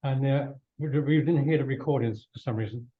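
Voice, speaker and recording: Rambling man, slightly hoarse, lo-fi. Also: mid-range voice, brisk. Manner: rambling, restarts often. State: losing his voice. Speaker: guest speaker. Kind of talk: casual slide talk. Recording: dull lo-fi room recording.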